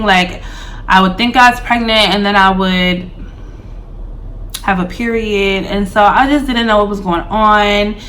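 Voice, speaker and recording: A woman's voice: mid-range voice, pushed and bright, slight background noise. A woman in her twenties telling a personal story to her viewers in a chatty way, full of "like" and "um". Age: 20s. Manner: chatty, fillers like "like" and "um", addresses viewers directly. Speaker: vlogger. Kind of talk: casual storytime.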